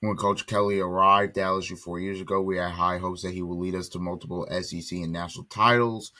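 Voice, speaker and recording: A man's voice: low voice, steady tone, quick pace, pushed and bright. A man hosting a solo sports commentary show, talking emphatically, repeating himself and restarting sentences as he builds his point. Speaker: sports talk host.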